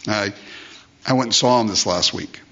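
A man's voice: fairly low pitch, normal speed, bright, forceful tone, highs cut off. An older man preaching a sermon as pastor, emphatic, repeating phrases and asking rhetorical questions.

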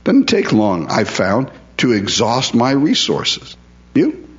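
A man's voice: mid-range voice, huge pitch swings, slow pace, muffled recording. A male pastor preaching a conversational sermon, asking his listeners questions and confessing his own struggles.

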